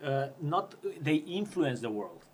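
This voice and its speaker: Guy hosting the interview, kinda husky, high voice, stops and restarts a lot. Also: big pitch swings. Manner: measured, pushing back, hesitant restarts. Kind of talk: conversational interview.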